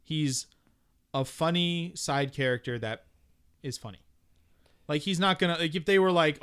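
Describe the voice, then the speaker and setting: A man's voice: on the high side, fairly bright tone, smooth. Opinionated man co-hosting a podcast. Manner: opinionated, argues his point with quick asides. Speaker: podcast co-host. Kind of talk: casual podcast chat.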